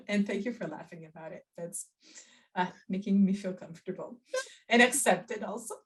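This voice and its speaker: A woman's voice: mid-range voice, normal speed, a little hiss or hum. Effusive woman host with a French accent. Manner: effusive, laughs a lot, searching for words. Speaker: podcast host. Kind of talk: casual interview chat.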